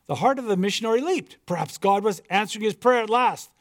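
High-voiced man reading a story. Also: animated, fast talker, few pauses. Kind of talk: read-aloud story narration.

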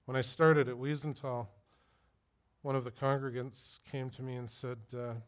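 In a sermon, a middle-aged pastor recounts personal stories and questions his audience directly. His mid-range voice shows little pitch movement, and he speaks at a moderate pace.

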